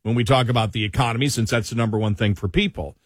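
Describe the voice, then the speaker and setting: A man's voice: mid-range voice, fast, no echo, studio quality. A man with a Buffalo accent hosting talk radio, bantering in an easygoing, casual way.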